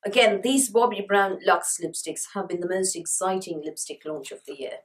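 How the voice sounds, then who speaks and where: A woman's voice: mid-range voice, normal speed, poor audio. A woman beauty vlogger with a sore throat, talking around a lozenge in a chatty, enthusiastic product review. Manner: chatty, enthusiastic, repeats words for emphasis.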